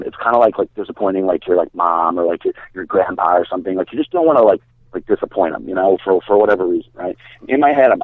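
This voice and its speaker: A man telling a long story in casual podcast talk, animated, swearing and acting out what people said. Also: low voice, dry recording. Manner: animated, swearing, acts out quotes. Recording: dry, phone-like narrow sound.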